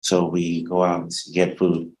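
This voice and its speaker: A man testifying as a defendant in court, hesitant and soft-spoken, halting over his words. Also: deep voice, completely flat delivery, low-quality recording.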